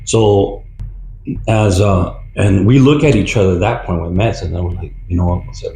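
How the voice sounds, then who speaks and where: An older man, a retired police officer, recounting an experience from his career in a rambling, halting way with many fillers. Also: sits low, gravelly, warm tone, slight background noise. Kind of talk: storytelling interview. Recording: roomy echo with faint music.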